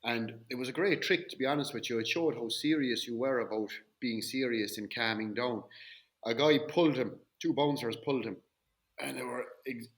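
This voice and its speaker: Man hosting, telling lively anecdotes. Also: mid-range voice, normal speed. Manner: lively anecdotes, acts out quoted lines. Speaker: podcast host, former player. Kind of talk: casual storytelling chat.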